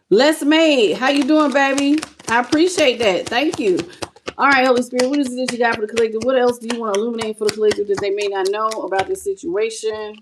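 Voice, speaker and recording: A woman's voice: a little high, noisy background. Woman tarot reader with a country twang. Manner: chatty, greets viewers with pet names. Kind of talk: live-stream tarot reading.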